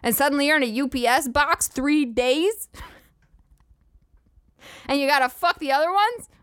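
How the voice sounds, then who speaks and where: A woman podcast host rants in a profane, sarcastic and incredulous tone, swearing freely. Her voice sits fairly high, and the recording is dry and close, with little room sound. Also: moderate pace, fairly bright tone, no echo. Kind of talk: comedic rant.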